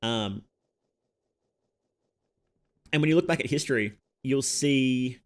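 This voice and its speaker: Slow and full of long pauses, this Australian man's medium-pitched voice carries his casual gameplay chat. He rambles, often abandoning a thought midway to note what he's doing.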